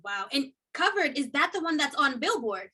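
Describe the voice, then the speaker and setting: A woman hosting a casual interview, asking questions and cheering her guest on with warm affirmations. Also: high-pitched, big pitch swings, moderate pace. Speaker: interview host.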